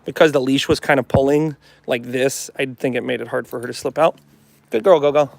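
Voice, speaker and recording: A man's voice: medium pitch, steady tone, a little fast, vocal fry, a little mellow, dry recording. A man talking as a dog trainer in a casual live demonstration, chatting to his viewers and coaxing a dog along. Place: at home with a dog, partly in the yard.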